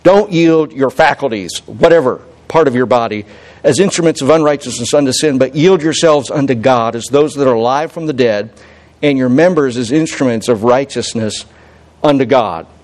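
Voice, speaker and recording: Conversational male pastor preaching. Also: moderate pace. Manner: conversational preaching with repeated restarts and self-corrections; climbs loud and high when quoting God's voice. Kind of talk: sermon.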